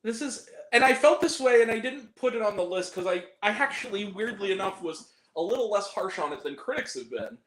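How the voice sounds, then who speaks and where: A man co-hosting a casual podcast chat about movies, animated, swearing freely and breaking into laughter and exaggerated reactions. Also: sits high, fairly quick, few pauses, roomy sound, poor audio. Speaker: podcast co-host.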